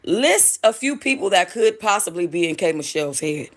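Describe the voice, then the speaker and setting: A woman hosting casual gossip commentary about reality TV, chatty, animated and profane. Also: lowish voice, normal speed. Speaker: host.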